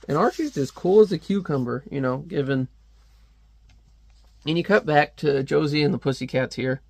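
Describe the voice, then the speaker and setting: A man's voice: on the high side, moderate pace, gravelly, no room sound. A man chatting casually as a comic reviewer, rambling with lots of fillers and frequent laughs. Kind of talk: casual commentary.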